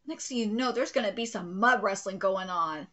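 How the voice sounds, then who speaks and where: A woman hosting a live reaction, reading a comic aloud and swearing and shrieking with excitement. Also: mid-range voice. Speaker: host.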